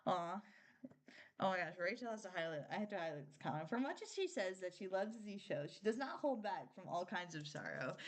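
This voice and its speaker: A young woman chatting casually on a live stream, rambling with lots of filler words and frequent giggles. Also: mid-range voice. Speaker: streamer reviewing a TV show.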